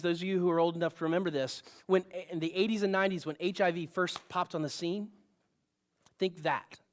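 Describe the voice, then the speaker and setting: A man's voice: high voice, a bit bright. A male pastor giving a sermon in a conversational style, with asides and bursts of rising emphasis.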